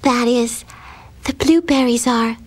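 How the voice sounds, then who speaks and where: A woman doing a shy, soft little girl. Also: fairly high pitch, takes it slowly, voice pushed up. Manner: soft, timid and hesitant.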